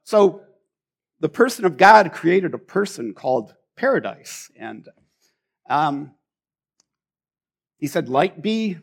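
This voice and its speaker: Male preacher, high and husky, informal sermon, earnest, frequent restarts. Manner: conversational, restarts often, earnest.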